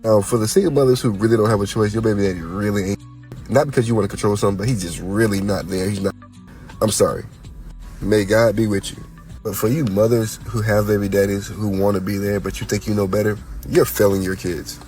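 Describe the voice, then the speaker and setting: A man's voice: fairly low pitch, steady tone, fast, a little mellow, soft background music. Congested man telling a blunt personal story. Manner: blunt, heartfelt.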